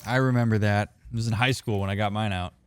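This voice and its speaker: A young man with a lowish, steady voice talks at a quick pace over slight background noise. He's a therapist streaming a game, chatting casually and answering viewers by name as he reads the chat.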